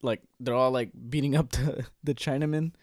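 A man's voice: medium pitch, no room sound, studio quality. A man in casual chat, animatedly retelling film scenes and acting out quotes. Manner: animated, quick to act out quotes and laugh.

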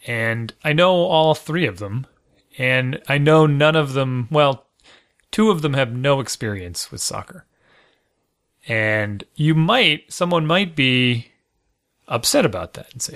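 A man's voice: a little high, very animated, takes it slowly, gravelly, a bit bright. A man in his thirties, a podcast co-host talking casually in a rambling, self-deprecating way with frequent restarts. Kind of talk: casual chat.

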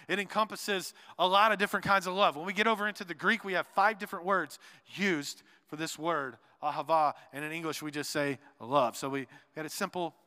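A pastor preaching a sermon, moving between loud emphatic lines and soft quiet asides, with joking remarks to the congregation. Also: male voice, fairly high pitch. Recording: long reverb of a large hall.

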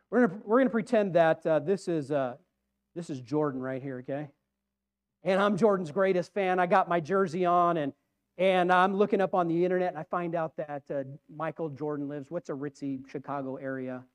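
A man preaching a conversational sermon, rambling and putting questions to the congregation. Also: fairly high pitch.

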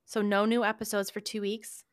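A woman's voice: mid-range voice, flat delivery, normal speed, no echo, studio quality. Blunt laughing woman podcast co-host. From United States. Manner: blunt, laughing, swears freely. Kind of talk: casual chat.

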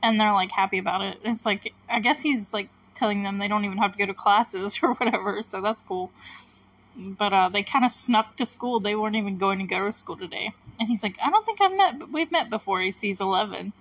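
A woman's voice: medium pitch, fairly even intonation, a little fast, fairly bright tone, rough recording. A young woman hosting a podcast, chatting casually and giggling as she retells scenes and quotes the characters' lines. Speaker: podcast host recapping a TV episode. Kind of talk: casual chat.

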